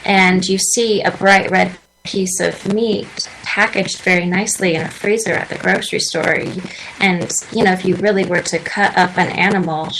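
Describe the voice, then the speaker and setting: A woman's voice: medium pitch, creaky, a bit bright, a little hiss or hum, poor audio. A woman in her twenties chatting earnestly as a guest on a radio talk show, telling her story at length. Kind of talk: casual interview chat. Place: radio studio.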